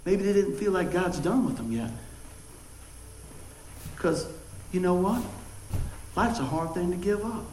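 High-voiced pastor preaching. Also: male voice, a little slow, pauses often, roomy sound, a little hiss or hum, rough recording. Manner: animated storytelling with call-and-response. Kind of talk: sermon.

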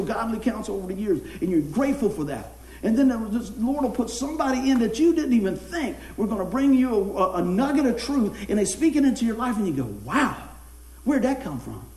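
A man's voice: sits high, mellow, echoey room. A man preaching a sermon in a folksy way, telling a funny personal story and laughing as he goes.

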